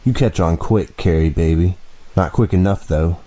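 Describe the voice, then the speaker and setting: A man voicing an unhinged teenage girl who has tied up her date, taunting him in a calm, mocking way. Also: deep voice, normal speed, natural voice. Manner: taunting, swings between calm and fury.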